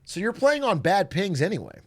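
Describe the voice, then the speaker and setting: A man is streaming live, chatting casually with viewers through jokey, profane rants, swearing and animated throughout. His voice sits high, and he talks a little fast.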